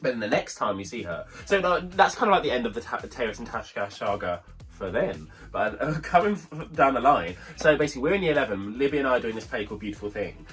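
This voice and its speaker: A man's voice: mid-range voice, fast, faint music behind. A young man co-hosting a review show, telling a long story in casual chat and acting out the voices of the people in it. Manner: chatty, animated storyteller, acts out voices. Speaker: podcast co-host.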